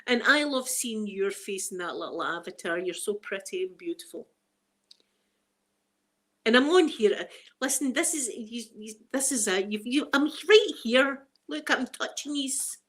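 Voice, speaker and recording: A woman's voice: a little high, lively intonation, fairly bright tone. A middle-aged Scottish woman hosting a casual livestream chat, rambling through stories and laughing often. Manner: rambling, storytelling, quick to laugh. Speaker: livestream host.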